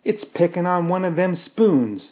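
A man voicing a bold, curious young woman adventurer who makes quick, excited observations. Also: high voice, voice pushed up. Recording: tinny phone-like audio.

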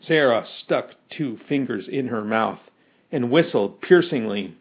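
Slow, lively-pitched male narrator. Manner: slow, deliberate storytelling. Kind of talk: scripted narration. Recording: dull lo-fi recording.

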